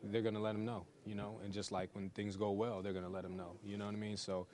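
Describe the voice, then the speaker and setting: A young male pro football player answering press questions in a relaxed way, full of "you know" fillers. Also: fairly low pitch, fast talker. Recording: crowd chatter behind.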